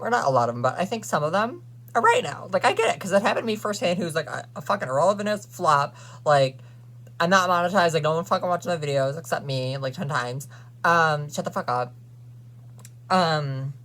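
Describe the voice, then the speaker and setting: A man's voice: a little high, a bit bright. A young man venting to camera in a sassy, profane, ranting way, as a vlogger. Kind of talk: casual rant to camera.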